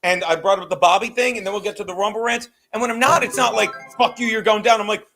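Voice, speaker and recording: A man hosting a podcast in casual chat, swearing and working himself up into loud rants. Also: sits high, fast talker, faint music behind. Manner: excitable, swearing, rising to shouted rants. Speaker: podcast host.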